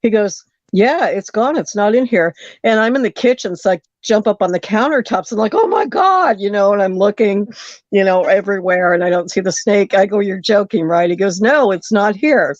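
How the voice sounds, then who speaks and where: Woman telling a lively story by phone. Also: medium pitch, a little fast, no room sound, muffled recording. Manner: animated storyteller, acts out quotes. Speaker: caller. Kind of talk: storytelling on a call-in show.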